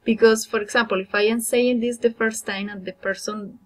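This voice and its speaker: A woman's voice: fairly high pitch, fairly even intonation, normal speed, rough recording. Woman teaching grammar with many fillers. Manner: explanatory, many fillers and restarts. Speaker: Spanish teacher. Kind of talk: recorded grammar lesson.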